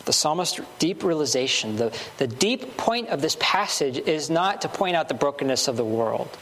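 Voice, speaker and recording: Preacher, male, slightly high voice, earnest repetitive sermon delivery, faint background hiss. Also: sing-song, moderate pace, fairly bright tone. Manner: earnest, building emphasis with short repeated phrases.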